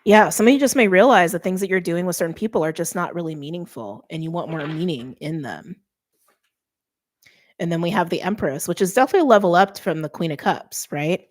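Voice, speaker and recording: A woman's voice: fairly low pitch, lively intonation, a little fast. A middle-aged woman giving a casual tarot reading, chatty and thinking aloud with many fillers. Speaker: tarot reader.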